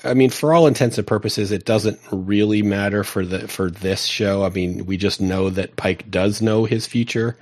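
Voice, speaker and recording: A man's voice: fairly low pitch, moderate pace, few pauses, darkish tone, no room sound. A man in casual chat, recapping a TV episode at length with rambling restarts and fillers. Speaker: podcast co-host.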